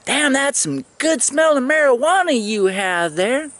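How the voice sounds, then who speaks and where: A man putting on the voice of a friendly, teasing female police sergeant in a high falsetto. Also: very animated, unhurried, a bit bright, heavily acted.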